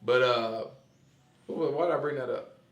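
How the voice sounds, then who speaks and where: A man in casual chat, animated and slangy, who keeps asking "you know what I'm saying?". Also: mid-range voice, moderate pace, highs cut off. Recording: roomy echo.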